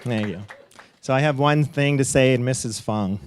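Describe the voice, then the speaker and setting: A middle-aged man telling a personal story live on stage, animated and swearing at times, leaping up in pitch as he acts out what people said. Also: moderate pace, slight background noise. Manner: animated, acts out quotes with big pitch jumps, laughs and swears.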